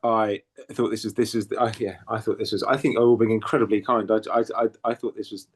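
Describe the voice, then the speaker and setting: A man's voice: fairly low pitch, little pitch movement, fast. A man co-hosting a podcast, ranting and swearing in casual chat, often stumbling and repeating words. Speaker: podcast co-host.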